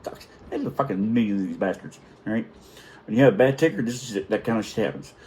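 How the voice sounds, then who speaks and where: A man's voice: fairly low pitch, lively intonation, quick pace, a little mellow, slight background noise. A middle-aged man telling a story in a casual, profane, self-mocking way.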